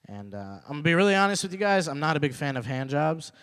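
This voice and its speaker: A young man performing a stand-up set at an open mic, repeating his punchlines and working up to loud, indignant rants. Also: fairly high pitch, sing-song, fast, smooth. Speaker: stand-up comedian. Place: open mic comedy night venue.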